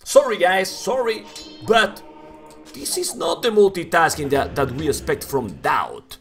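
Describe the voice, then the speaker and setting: A man with a Spanish first language casting a strategy game live in broken English, getting excited and shouting at big plays. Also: fairly high pitch, a little slow, faint music behind. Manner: non-native English with broken grammar. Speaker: game caster. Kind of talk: live esports commentary.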